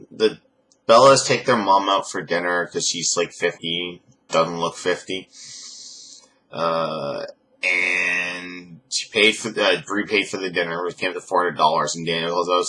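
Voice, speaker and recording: A young man rambling sarcastically as he recaps a reality show, mocking people in high put-on voices. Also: pushed and bright. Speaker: reviewer. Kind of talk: casual recap commentary.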